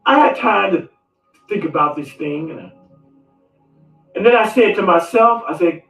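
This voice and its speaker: A man vlogging, telling a comic personal story with dramatic swings between loud outbursts and hushed asides. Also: sits high, lively intonation, a little slow, gravelly, long pauses. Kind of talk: animated storytelling monologue. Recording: echoey room, distant mic, faint music.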